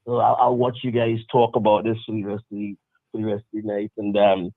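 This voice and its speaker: A man's voice: fairly low pitch, completely flat delivery, brisk, gravelly, dry recording. A man calling in to a live show, chatting casually and rambling with restarts. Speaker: caller. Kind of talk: casual call-in chat. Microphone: phone call. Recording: tinny phone line.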